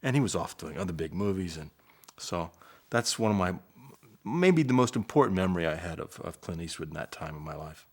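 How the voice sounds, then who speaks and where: An older man, an actor, recalling his early career in a soft-spoken, unhurried interview manner. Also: low-pitched, animated. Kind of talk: interview reminiscence.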